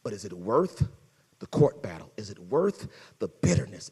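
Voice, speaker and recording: A man preaching a sermon as pastor, conversational and folksy, swinging between loud exhortation and hushed asides. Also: on the low side, big pitch swings, normal speed, breathy edge, in a large hall. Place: church sanctuary.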